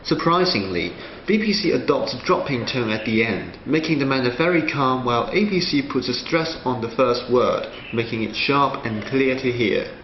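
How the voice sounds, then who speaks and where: A male student presenter reading a scripted analysis in a measured way. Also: mid-range voice, slight background noise. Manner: reads a prepared analysis in a measured way. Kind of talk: scripted narration. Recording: roomy, slightly dull sound with faint ambience.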